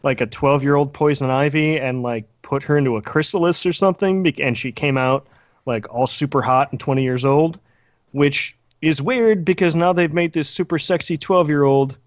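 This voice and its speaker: A man's voice: on the high side, normal speed, dry recording. Male podcast co-host, loose rambling banter, dry close mic with a dull lo-fi edge. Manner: rambling, joking, many restarts. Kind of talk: casual chat.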